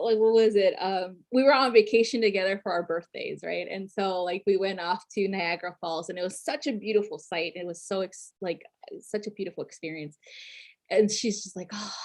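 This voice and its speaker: A woman talking casually to viewers as a tarot reader, chatty, with lots of fillers and frequent laughter. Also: mid-range voice.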